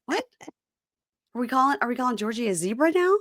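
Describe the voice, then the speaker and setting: A woman's voice: a little high, animated, very fast, fairly bright tone, no echo, studio quality. A woman co-hosting a podcast, casually retelling scenes and acting out the quotes. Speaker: podcast co-host. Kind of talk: casual recap chat.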